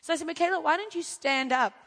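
A woman's voice: very high-pitched, quick pace, long reverb tail. A woman preaching and telling a testimony, acting out the people in her story. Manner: animated storytelling, acting out quotes. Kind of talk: sermon testimony.

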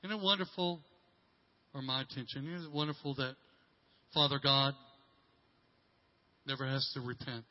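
A middle-aged male pastor telling a story in a sermon, halting and repeating words, dropping from loud to hushed. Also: medium pitch, fairly even intonation, muffled recording.

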